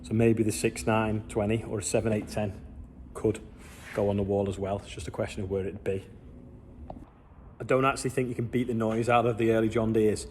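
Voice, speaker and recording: A man's voice: lowish voice, flat delivery, fairly quick, darkish tone, slight background noise. A man vlogging casually on his farm, chatting in a rambling way and asking his viewers questions. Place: outdoors on a farm.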